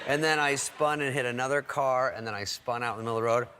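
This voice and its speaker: Appearing as a talk show guest, a man rattles off funny stories at speed, animatedly performing the voices of the characters involved. His voice is mid-range, and background noise can be heard.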